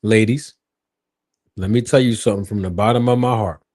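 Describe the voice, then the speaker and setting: A man putting on a smooth, sweet-talking ladies' man persona in a slow, low crooning voice on a live stream. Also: steady tone, darkish tone, natural voice.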